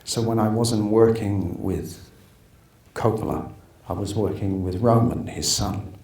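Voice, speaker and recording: In a casual interview, a man in his fifties, an actor, tells rambling stories full of restarts and acts out what other people said. His voice is lowish, fairly even in intonation, a little slow and a little mellow. The recording has a roomy echo, a distant mic and faint noise.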